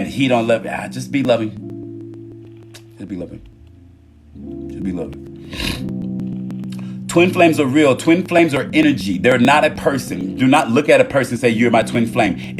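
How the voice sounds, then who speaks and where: A man talking casually about love and energy on a phone live stream, animated and profane, swinging between loud bursts and low murmurs. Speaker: TikTok live host. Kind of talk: casual motivational monologue. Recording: music playing clearly behind.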